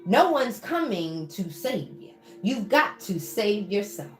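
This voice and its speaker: A woman's voice: medium pitch, sing-song, slow pace. A woman giving a live-streamed motivational talk, preaching and encouraging, calling listeners baby and asking them to answer back. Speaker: motivational coach on a livestream. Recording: roomy echo with faint music.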